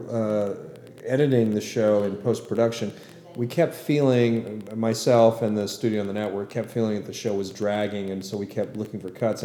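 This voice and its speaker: Low, mellow man hosting a podcast. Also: roomy sound. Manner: relaxed, rambling with many fillers. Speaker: podcast host and producer. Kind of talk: casual commentary podcast.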